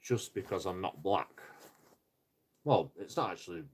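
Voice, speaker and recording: Husky low-voiced man ranting on stream. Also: animated, normal speed. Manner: rambling and profane, with frequent restarts. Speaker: live streamer. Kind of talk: casual live-stream rant.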